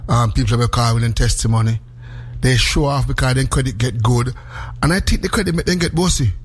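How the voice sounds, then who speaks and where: A man's voice: medium pitch, brisk, breathy edge. A man hosting a radio show, chatting in a jokey, casual way. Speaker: radio host.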